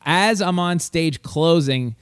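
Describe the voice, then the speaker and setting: A man, a podcast co-host and comedian telling a story in fast, animated casual chat. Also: on the high side, clean tone, no echo, clean studio sound.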